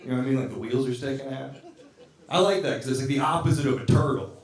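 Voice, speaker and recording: A man's voice: medium pitch, fast talker. A man doing a live stand-up set, teasing the crowd with loose, chatty jokes and laughing asides. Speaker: stand-up comedian. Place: live music venue with a band on stage. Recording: roomy live venue from a distance.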